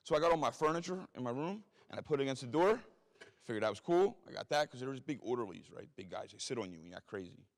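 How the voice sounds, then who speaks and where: Man, quick and crude storyteller, self-mocking, long hall echo. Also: medium pitch, sing-song. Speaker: speaker telling his life story. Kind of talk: profane storytelling talk. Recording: reverberant hall.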